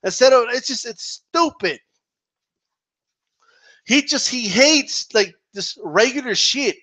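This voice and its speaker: A man's voice: very high-pitched, animated, slow pace, fairly bright tone. A man delivering an exasperated, profane rant about wrestling, often ending points with "okay?" or "right?". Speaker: wrestling commentary vlogger. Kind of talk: ranting opinion monologue.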